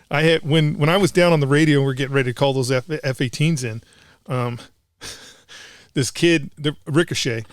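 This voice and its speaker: A man's voice: a little high, no echo, studio quality. A middle-aged man, a combat veteran guest, telling a war story in blunt, profane casual talk.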